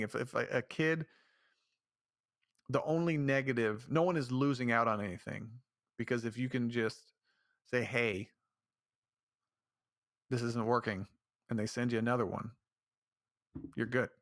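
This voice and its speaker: A man's voice: medium pitch, fairly bright tone, dry recording, studio quality. A man hosting a solo podcast, speaking in a rambling, ranting way with many restarts. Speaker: podcast host. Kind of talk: casual solo commentary.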